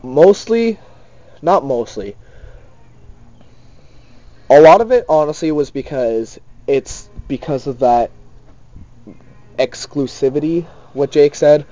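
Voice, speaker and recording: A man's voice: a little high, takes it slowly, pauses often, no room sound. Laid-back young man reviewing cigars. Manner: relaxed, repeats words like "definitely". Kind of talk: casual review chat. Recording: dull lo-fi sound.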